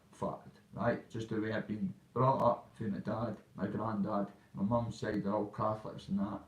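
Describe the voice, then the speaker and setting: A man's voice: on the low side, roomy sound, recorded from a distance, low-quality recording. A man from Dundee with a Dundee Scottish accent, telling a rambling story in a casual vlog, full of fillers and asides. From Dundee, Scotland. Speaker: recovery vlogger.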